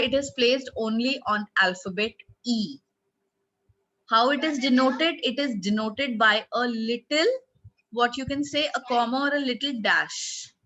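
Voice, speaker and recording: A woman with an Indian English accent teaching a French class online, explaining slowly and quizzing her pupils. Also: on the high side, bright, forceful tone, highs cut off. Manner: slow, explanatory, asks the class questions.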